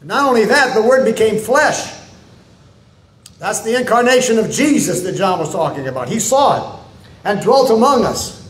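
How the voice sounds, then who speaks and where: A man preaching a sermon as pastor, telling homespun stories and building to emphatic, drawn-out lines. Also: sits high, expressive. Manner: folksy storytelling, rising to emphatic preaching. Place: church sanctuary. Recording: echoey church room.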